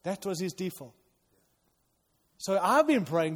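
High-voiced impassioned male pastor. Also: sing-song, takes it slowly. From outside the United States. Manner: impassioned, swings between loud urging and quiet intensity. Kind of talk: sermon. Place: church hall. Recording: long reverb of a large hall.

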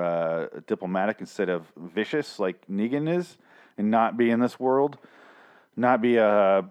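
A young man with a voice going hoarse gives a profane, rambling, exasperated recap of a TV episode. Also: low-pitched. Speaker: show recapper. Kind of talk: casual ranting recap.

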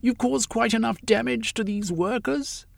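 A man voicing a cold, commanding woman revolutionary in a high voice. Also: normal speed, creaky, no room sound.

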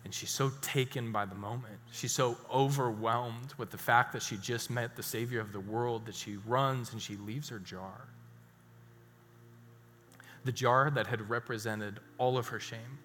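A man preaching a sermon as a pastor, telling a story and dropping suddenly to hushed emphasis. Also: mid-range voice, steady tone, unhurried, a little hiss or hum. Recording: reverberant hall with faint music.

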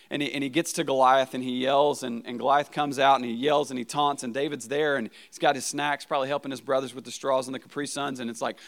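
A man's voice: mid-range voice, fairly bright tone. A man preaching a sermon as a pastor, talking in a casual, conversational way, often checking in with "right?" and restarting words.

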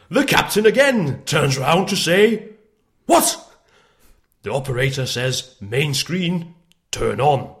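A man putting on the voice of a booming, theatrical older man, narrating in a comic impression. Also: heavily acted. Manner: bellowing, halting, breaks into laughter.

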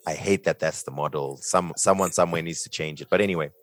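A man's voice: a bass voice, fast, fairly bright tone, no echo. A man hosting a podcast in casual chat, opinionated and wry, steering the talk along. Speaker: podcast host.

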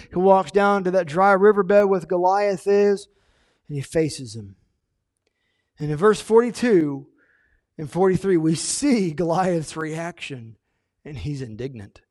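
High-voiced animated preacher man. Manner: animated, acts out the story characters in paraphrase. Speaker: pastor. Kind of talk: sermon.

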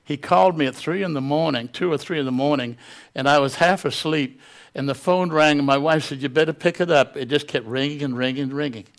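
A man's voice: a little high, brisk. Impassioned male preacher. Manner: impassioned, dramatic storytelling. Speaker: pastor. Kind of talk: sermon.

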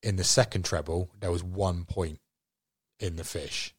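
A man, a guest angler, telling a fishing story in a casual, animated way. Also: low-pitched, measured pace, breathy edge, no echo, clean studio sound.

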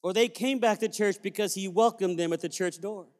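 A man's voice: sits high, brisk, a little mellow. A man preaching a sermon as pastor, telling family stories with sudden joyful whoops. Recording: long reverb of a large hall.

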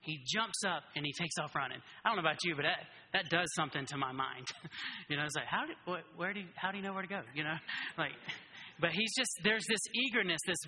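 A man preaching a casual, animated sermon who keeps checking in with his listeners by asking "right?". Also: on the high side, fast talker. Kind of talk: conversational sermon. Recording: reverberant hall.

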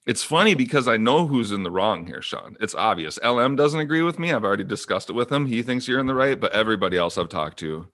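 Animated man telling a gaming story. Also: medium pitch, quick pace, few pauses, dry recording, clean studio sound. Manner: animated, rambling, swears often. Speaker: podcast co-host. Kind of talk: casual chat, storytelling.

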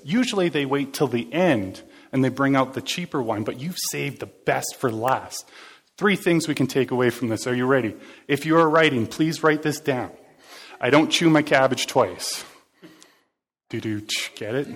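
A man preaching a casual, conversational sermon, joking and talking back and forth with his congregation. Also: mid-range voice. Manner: chatty, jokey, interacts with the congregation.

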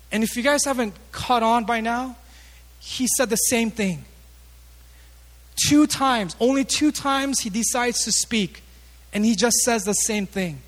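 A man preaching a sermon as pastor, conversational with joking asides and animated emphasis. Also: high voice. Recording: long reverb of a large hall.

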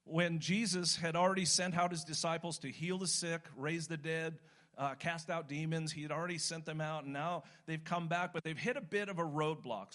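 An older American man, a pastor, preaching a sermon in a conversational way that turns animated when he stresses a point. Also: a little high. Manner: conversational, rising to animated emphasis.

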